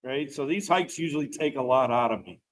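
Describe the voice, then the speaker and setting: A man's voice: medium pitch, fairly quick, poor audio. A middle-aged man, a veteran guest, telling a personal story in a casual, rambling way. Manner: rambling, animated storyteller who laughs while talking.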